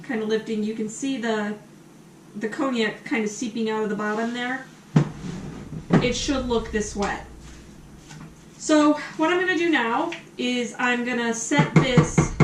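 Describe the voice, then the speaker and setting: American woman, cooking host, chatty with ums, slightly high voice, mic at a distance in an echoey kitchen. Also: a little hiss or hum. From USA. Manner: chatty, many ums, talks while cooking. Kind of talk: casual cooking demonstration. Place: home kitchen.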